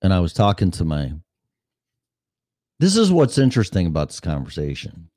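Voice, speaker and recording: A man's voice: deep voice, huge pitch swings, normal speed, mellow, no room sound, clean studio sound. A man in his fifties hosting a show, talking in a rambling, profane, blunt way. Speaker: podcast host. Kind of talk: casual monologue.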